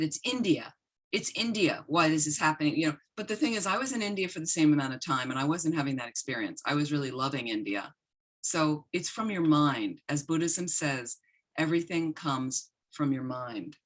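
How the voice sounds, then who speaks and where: Low-voiced woman giving a dharma talk. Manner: storytelling, gentle and earnest, with many restarts. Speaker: Buddhist teacher. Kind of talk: dharma talk with personal story.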